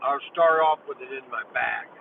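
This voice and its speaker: A man's voice: mid-range voice, normal speed, creaky. A tired man mumbling and rambling while hosting a casual livestream, talking from inside a moving vehicle. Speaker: livestream host. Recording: tinny distant mic with loud vehicle noise.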